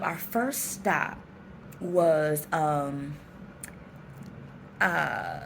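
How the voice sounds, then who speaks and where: A woman vlogger with a low, gravelly voice, chatting to the camera about a trip. She rambles, restarts her sentences and exclaims often, with faint ambient sound in the background. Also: fairly bright tone, slight background noise. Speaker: travel vlogger. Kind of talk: casual trip recap to camera.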